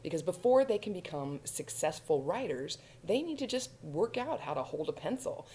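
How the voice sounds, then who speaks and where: A woman hosting a children's storytime, speaking to little kids in a warm sing-song way. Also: lowish voice, big pitch swings, moderate pace, slight background noise. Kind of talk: children's storytime reading and singing.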